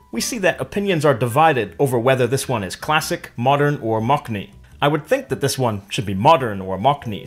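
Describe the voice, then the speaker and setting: A man narrating a scripted language lesson, explaining clearly and stretching example words out slowly. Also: medium pitch. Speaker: language teacher.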